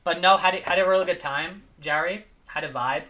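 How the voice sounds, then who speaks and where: A livestreamer chatting loosely with viewers, voice bright and clear-edged. The talk wanders and loops back on itself, full of filler words. The mood stays tired and easygoing. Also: mid-range voice, brisk. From not from Spain, lives in Spain. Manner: rambling, repeats phrases, lots of "dude" and "like". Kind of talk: casual stream chat.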